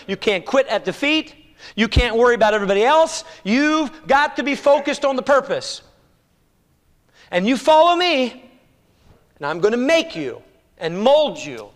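A man preaching a sermon in an animated, exclamatory way, swinging between loud declarations and hushed passages. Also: high voice. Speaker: pastor. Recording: echoey hall reverb.

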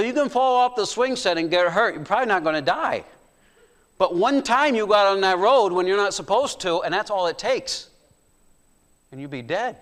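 High-pitched guy preaching, tells stories, asks the crowd stuff, big hall echo. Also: fairly bright tone. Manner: storytelling, asks the congregation questions; slow deliberate scripture reading. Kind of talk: sermon. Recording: long hall reverb.

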